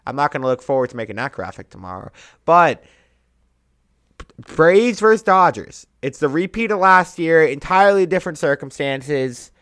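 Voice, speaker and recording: A young man co-hosting a podcast, talking baseball in a casual, animated way, with big jumps in pitch and loudness for emphasis. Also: moderate pace, clean tone, no room sound, clean studio sound. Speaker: podcast co-host. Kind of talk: casual sports chat.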